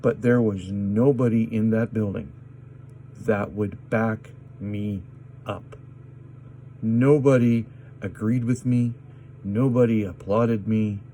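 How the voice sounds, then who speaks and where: A man telling a personal story in an agitated, indignant way, with many pauses. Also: fairly low pitch, fairly even intonation, dark tone, slight background noise. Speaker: vlogger. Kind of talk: personal story told to camera.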